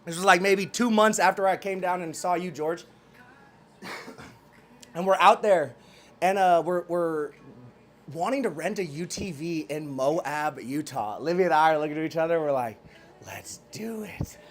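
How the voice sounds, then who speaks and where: Hyped, preachy man pitching to listeners. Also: moderate pace. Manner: hyped, preachy, repeats phrases; slangy, talks to a cohost by name. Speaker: podcast host. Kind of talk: casual chat and promotion.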